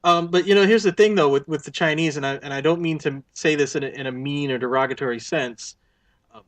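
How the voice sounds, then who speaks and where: A man's voice: fairly high pitch, fast talker, dry recording. Thoughtful podcast man, hedging his points. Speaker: podcast co-host. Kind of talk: casual movie review chat.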